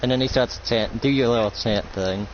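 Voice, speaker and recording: A young man improvising a roleplay story with excitement, swearing and acting out fight noises. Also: medium pitch, brisk, a little hiss or hum. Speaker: roleplay player. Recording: muffled lo-fi recording with music behind.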